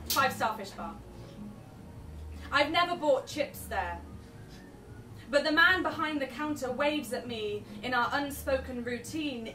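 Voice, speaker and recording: A young woman performing spoken word poetry live, with wry, self-deprecating chatter between poems. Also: on the high side. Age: young adult. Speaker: poet. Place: live event venue. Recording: echoey room, distant mic, venue noise.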